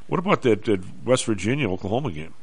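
A man hosting a talk radio show, talking quickly and loosely about football and the markets. He rambles and restarts his sentences as he goes. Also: mid-range voice, sing-song, slightly rough. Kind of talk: casual sports and market chat.

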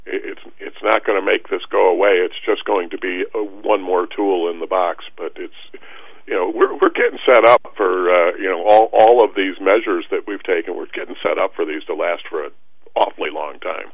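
A man's voice: low-pitched, fairly quick, husky, no room sound. A man talking on a radio show as a guest, hesitant and full of fillers, heard over a tinny phone line. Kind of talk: casual radio talk.

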